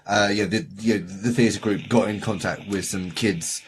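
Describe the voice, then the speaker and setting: A man's voice: on the low side, fairly even intonation, normal speed, a little hiss or hum. A man co-hosting a podcast, telling a story in loose, rambling casual chat, swearing often and restarting his sentences. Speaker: podcast co-host.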